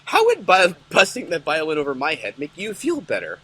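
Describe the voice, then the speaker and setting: A man's voice: on the high side, wildly swooping pitch, a little fast, heavy background noise. Giggly man riffing on a game. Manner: joking, giggly. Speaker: video commentator. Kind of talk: comedic game commentary.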